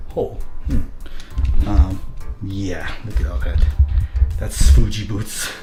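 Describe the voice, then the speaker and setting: A man giving a casual vlog tour of a rental house, keeping his voice hushed and low-key so he doesn't wake anyone. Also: steady tone, slow pace. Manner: hushed, low-key, trying to stay quiet. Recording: roomy indoor sound with background music.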